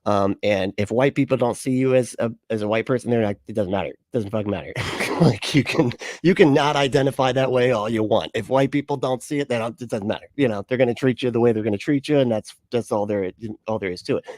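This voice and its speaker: A man's voice: medium pitch, brisk, a little mellow, no room sound. A man in his thirties hosting a reaction video, rambling in casual commentary with lots of swearing and restarts. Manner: rambling, profane, frequent restarts and laughs.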